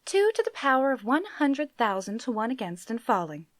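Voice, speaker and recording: A woman voicing a calm, pleasant female spaceship announcer in a live book reading. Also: on the high side, normal speed, no room sound, studio quality, pitched above the performer's own voice.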